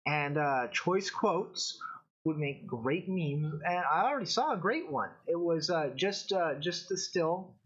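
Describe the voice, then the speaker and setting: A man hosting his own live-streamed show, talking casually in a rambling, halting way with many restarts. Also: a little high, lively intonation, a bit bright, breathy edge, lo-fi sound. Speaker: show host.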